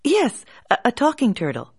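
A woman's voice: fairly high pitch, huge pitch swings, moderate pace, darkish tone, husky, voice pushed up, heavily acted. A woman voicing a kind young man who speaks politely and a little hesitantly. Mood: gentle.

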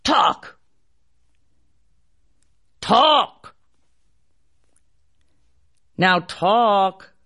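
A woman's voice: sing-song, normal speed, few pauses, fairly bright tone, husky, heavily acted. A woman voicing a greedy, bossy elder brother who demands and barks orders. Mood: shouting angrily. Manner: demanding, barking, shrill.

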